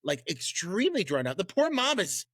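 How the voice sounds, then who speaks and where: A man with a high voice that swoops all over, co-hosting a film podcast. He rants and gushes with plenty of swearing. The sound is dry and close. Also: moderate pace, no echo. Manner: animated, profane, gushing. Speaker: podcast co-host. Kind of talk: casual film review chat.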